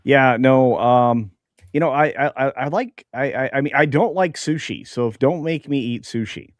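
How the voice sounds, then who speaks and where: A man who is a guest on a casual panel show, talking in halting bursts full of restarts. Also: mid-range voice, dry recording.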